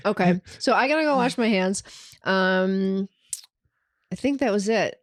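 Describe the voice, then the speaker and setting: A woman's voice: medium pitch, unhurried, no echo. Woman host, casual and giggly, dry close-mic sound. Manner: giggly, chatty. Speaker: podcast host. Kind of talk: casual chat.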